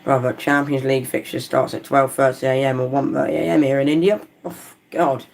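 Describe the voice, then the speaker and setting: Hosting a live football watchalong, this brisk talker with vocal fry chats loosely with his audience and erupts whenever a chance goes close. He flips from relaxed musing to loud reactions, throwing around slang like "lad" and "mate."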